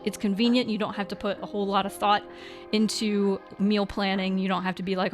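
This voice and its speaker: A woman's voice: mid-range voice, fairly even intonation, brisk, faint music behind. A young woman streamer chatting casually through a sponsor read, rambling with lots of fillers and restarts.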